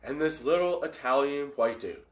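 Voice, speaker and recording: Swearing freely and laughing often, a young man with a higher-pitched voice tells an animated story on his comedy podcast. He talks at a moderate pace, and the room is echoey.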